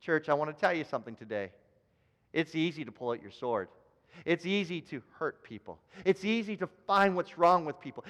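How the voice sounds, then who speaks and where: A man's voice: a little high, expressive, normal speed. A man, a pastor, preaching a sermon and telling a story, building to emphatic repeated phrases. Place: church sanctuary. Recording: church hall reverb with soft keyboard music.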